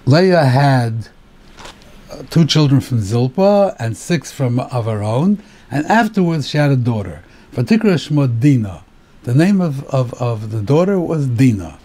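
A rabbi giving a Torah class on the weekly portion, explaining the text step by step, asking rhetorical questions and mixing in Hebrew terms. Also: male voice, mid-range voice, big pitch swings, a little slow, warm tone.

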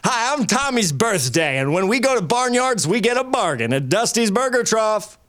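A man playing a scatterbrained 89-year-old ad pitchman who rambles and forgets his lines in a comedy sketch. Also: very animated, moderate pace, fairly bright tone. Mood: rambling. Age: older. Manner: rambling, forgetful, easily sidetracked.

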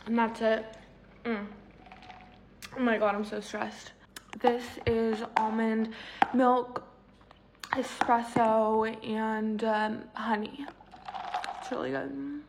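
A woman puts on a breezy lifestyle influencer voice, high and oddly flat, dawdling over each word. Typing clatters clearly in the background of the clip. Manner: airy, drawn-out parody influencer voice. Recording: clip with typing noise behind.

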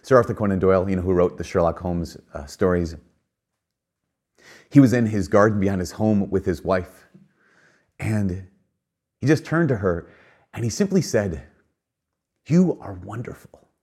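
A man's voice: sits low, lively intonation, normal speed, pauses often, a little mellow. A man giving a reflective spoken talk, earnest and conversational, with frequent fillers and emphatic rises.

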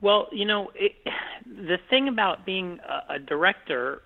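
A man's voice: high voice, expressive, measured pace, creaky. A man, a film director, talking about his work in an interview, casual and rambling with many fillers and restarts. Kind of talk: conversational interview. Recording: tinny phone-line sound.

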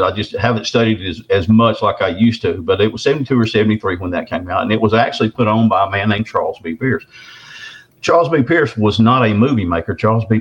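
An older man with a fairly low voice spins a rambling, folksy story. He circles back and repeats words as he goes. The recording sounds dull and lo-fi. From Texarkana area, southern US. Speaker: Bigfoot researcher telling his story.

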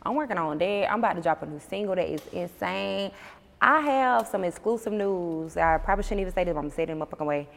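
Woman guest, low gravelly voice, swears a lot, echoey reverb. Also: fast talker. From Georgia, USA. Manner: blunt, profane, animated storytelling. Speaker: musician guest. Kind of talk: casual interview chat. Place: on a porch outdoors.

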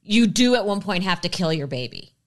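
A woman's voice: mid-range voice, lively intonation, fairly quick. A woman hosting a casual interview, laughing easily and asking her guest questions. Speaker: interviewer host.

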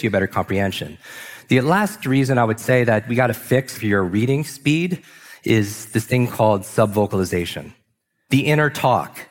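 A man giving an energetic motivational talk on a large stage, asking the audience questions and slowing down for emphasis. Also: medium pitch. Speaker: speaker. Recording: long hall reverb.

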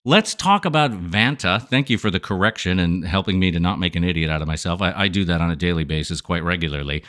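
A man hosting a podcast with a smooth voice and a playful, showy manner, joking with his listeners. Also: low voice, quick pace, a bit bright. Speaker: podcast host.

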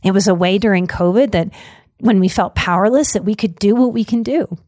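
A woman's voice: medium pitch, brisk, dark tone, no room sound, studio quality. A woman hosting a podcast, speaking earnestly and with emotion as she makes an announcement to her listeners. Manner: earnest, emotional, choked up at times. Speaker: podcast host. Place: Denver.

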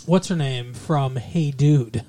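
A man co-hosting a casual movie review podcast, rambling and joking, slipping into quick impressions. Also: medium pitch, mellow. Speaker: podcast co-host.

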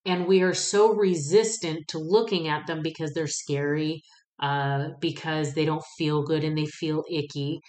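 Female podcast host, low-ish voice, candid and salty, animated storyteller, roomy echo on the recording. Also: a little slow. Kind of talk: casual personal monologue. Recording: echoey room.

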